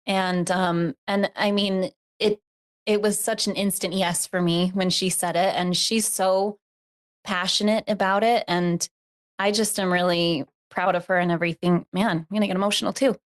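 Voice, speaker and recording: An earnest woman shares a reflective, descriptive story as a guest on an interview podcast. She pauses on fillers as she talks. Her voice is somewhat low. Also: little pitch movement, smooth.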